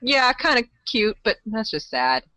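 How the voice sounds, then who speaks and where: A woman's voice: a little high, big pitch swings, unhurried, pushed and bright, no echo, low-quality recording. A woman co-hosting a casual podcast chat, blunt and joking, laughing a lot.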